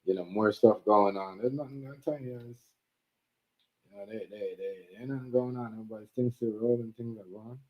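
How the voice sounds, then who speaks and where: A man's voice: fairly low pitch, brisk. A man co-hosting a live stream, chatting in a rambling way, leaning on fillers like "you know what I mean". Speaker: livestream co-host. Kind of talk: casual chat. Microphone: live stream setup. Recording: dull lo-fi stream audio.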